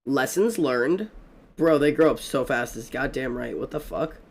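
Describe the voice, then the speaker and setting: A young man streaming a game, telling stories in a fast, rambling, excitable way, swearing often. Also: medium pitch, vocal fry. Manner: excitable and profane, fast rambling storytelling with many fillers. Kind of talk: casual gaming stream chat.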